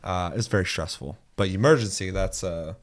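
Reading out listener comments at a normal speed, this young man's voice sits low as he hosts his podcast. The chat is loose and full of profanity, with frequent laughter and animated storytelling.

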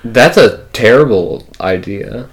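A man's voice: on the low side, animated, slow. A young adult man co-hosting a podcast, blunt and profane, who laughs often in casual chat. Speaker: podcast co-host.

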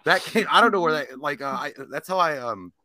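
A man's voice: on the high side, animated, brisk, pushed and bright, no echo. A man telling stories as a podcast guest in casual chat, rambling and profane.

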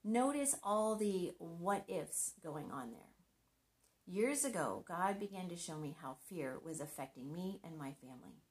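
Middle-aged woman speaker, lowish voice, earnest devotional talk with a light touch of humor. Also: animated, a little slow. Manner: earnest and conversational, with gentle humor. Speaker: Christian marriage speaker.

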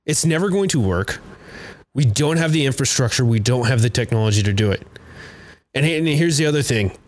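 A man's voice: medium pitch, expressive. A man hosting his own podcast, ranting loosely with lots of swearing, fillers and restarts. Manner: loose, profane and halting, with many fillers and restarts. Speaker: podcast host. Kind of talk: profane political rant.

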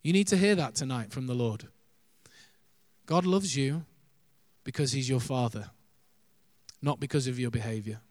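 A man's voice: medium pitch, normal speed, pauses often, darkish tone, no echo. A man preaching a sermon, earnest, shifting his pace and volume for emphasis, with light laughs.

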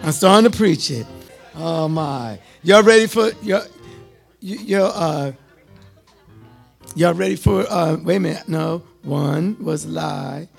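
A high-pitched man delivers a sermon. He calls out questions to the crowd, repeats his lines for emphasis, and swings from near-shouts to hushed speech. Soft music plays behind him. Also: slow, creaky, pauses often, slightly rough. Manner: call-and-response, repetitive, swings from loud to hushed. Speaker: preacher.

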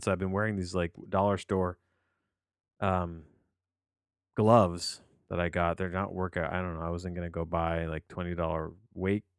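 A tired, low-energy man hosting a solo movie podcast from his home office, rambling and questioning himself as he talks. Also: clear, resonant tone, no echo, studio quality. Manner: rambling, meandering, self-questioning. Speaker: podcast host and movie reviewer. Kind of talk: casual solo podcast monologue.

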